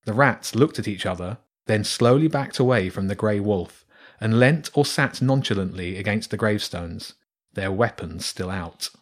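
A man reading a children's storybook aloud in a steady, measured way. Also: fairly low pitch. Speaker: narrator.

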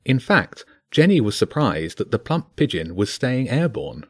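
A man's voice: medium pitch, measured pace, no room sound, studio quality. A man narrating a children's fantasy book, voicing each character. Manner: expressive, voices each character.

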